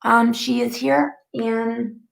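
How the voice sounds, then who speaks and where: Flustered psychic woman with a gravelly voice. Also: on the high side, level tone, takes it slowly. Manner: flustered, breaks into hushed whispered asides. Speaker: psychic medium. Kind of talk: live-stream spiritual channeling. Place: living room at home.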